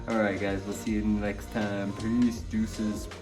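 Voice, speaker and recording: A man's voice: on the low side, slow, echoey room, far from the mic, over music. A man talking casually as he strips a car door in his garage, loose and joking, with lots of fillers and some swearing. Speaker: car vlogger working on a track build. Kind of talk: casual workshop commentary.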